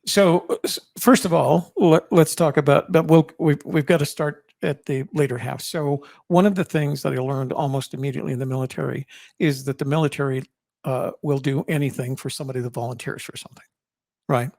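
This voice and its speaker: Gravelly older man, reflective storyteller. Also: fairly high pitch, fairly even intonation, a little mellow, no echo, studio quality. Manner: halting restarts, reflective. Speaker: guest, army veteran and co-author.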